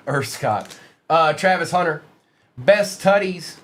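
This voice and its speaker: Lively male card break host. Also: medium pitch, slight background noise. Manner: rattles off player names, chats with viewers. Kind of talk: live-stream card break commentary.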